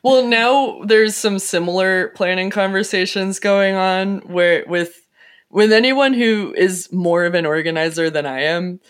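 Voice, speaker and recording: A young woman co-hosting a podcast who rambles in a self-mocking way, filling pauses with ums and restarts. Her voice sits at an ordinary middle pitch and is picked up by a microphone on a stand. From New York City. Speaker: podcast co-host. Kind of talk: casual chat.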